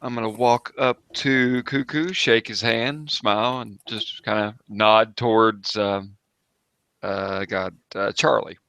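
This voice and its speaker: A man's voice: fairly low pitch, fairly even intonation, slow, gravelly, fairly bright tone, smooth, no echo. A man playing a tabletop game online, casually describing his character's actions with lots of fillers. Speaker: player. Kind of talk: tabletop game play over an online call.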